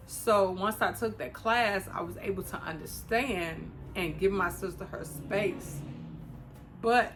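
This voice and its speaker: Low-voiced woman from Chicago holding back tears. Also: fairly bright tone. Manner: emotional, fighting back tears, talks to viewers as "y'all". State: close to tears. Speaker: vlogger. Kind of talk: casual personal talk to camera.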